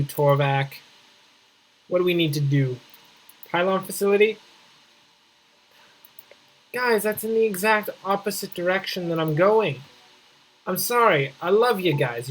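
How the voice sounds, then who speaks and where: A man hosting a casual gameplay video, reading game text aloud between jokey asides and sudden excited outbursts. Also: on the high side, rough recording. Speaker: gaming video host.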